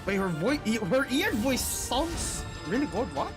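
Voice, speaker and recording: Excitable, lively streamer. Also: mid-range voice, music in the background. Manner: excitable, swears freely, quick reactions. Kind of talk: casual live-stream commentary.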